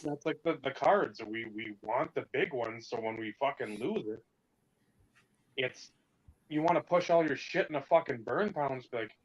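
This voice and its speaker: A man's voice: mid-range voice, normal speed, lo-fi sound. A man co-hosting a podcast in casual chat, swearing freely and ranting heatedly, slipping into mocking put-on voices. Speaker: podcast co-host.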